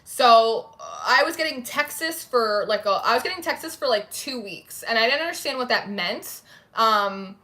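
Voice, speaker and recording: A woman's voice: on the high side, animated, normal speed, bright, forceful tone. A young woman hosting a casual tarot livestream, chatting and reacting to viewer comments, with a lot of "like" in her talk. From New Jersey, USA. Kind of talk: casual chat reading live comments.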